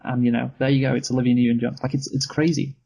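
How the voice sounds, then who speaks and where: A man's voice: mid-range voice, flat delivery, quick pace, vocal fry, warm tone, husky, poor audio. A man co-hosting a casual film review chat, dry and sweary, laughing easily. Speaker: podcast co-host.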